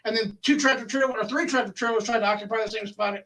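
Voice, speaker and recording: A man's voice: sits high, steady tone, fast, pushed and bright, far from the mic, rough recording. A man co-hosting a casual chat, laid-back and wry as he tells a story. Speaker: co-host.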